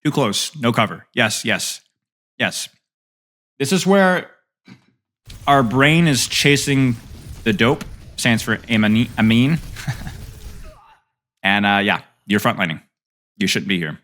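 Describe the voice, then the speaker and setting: A man's voice: medium pitch, animated, measured pace, long pauses, fairly bright tone. A young man coaching a player through game footage, trading playful banter with his stream chat between tips.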